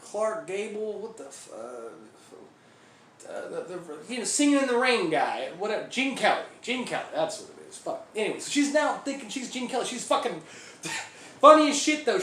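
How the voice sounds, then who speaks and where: A man's voice: sits high, fairly bright tone. An actor playing a crude, foul-mouthed male biker gang member who rambles through a comic monologue in an echoey room. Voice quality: profane, rambling storyteller. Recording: echoey room, faint background hiss.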